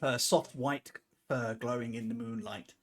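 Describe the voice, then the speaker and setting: A game master narrating a tabletop fantasy game in a relaxed way, with frequent fillers. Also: medium pitch, unhurried.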